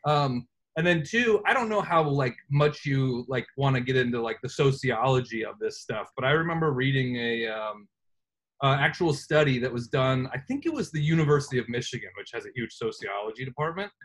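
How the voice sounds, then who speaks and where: A man's voice: mid-range voice, animated, fairly quick, a bit bright, rough recording. A man in casual conversation, explaining a study at length with many fillers. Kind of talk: casual chat.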